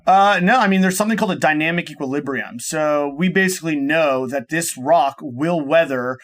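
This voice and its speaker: A man's voice: fairly high pitch, a little fast. A man speaking as a guest on an interview show, explaining enthusiastically and rambling, often restarting his sentences and linking ideas with "and so". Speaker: podcast guest, startup cofounder. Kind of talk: casual explanatory interview talk.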